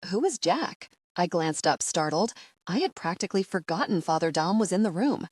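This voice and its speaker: A woman narrating a first-person audiobook in an expressive, wry, conversational way. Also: fairly low pitch, a little fast, no echo.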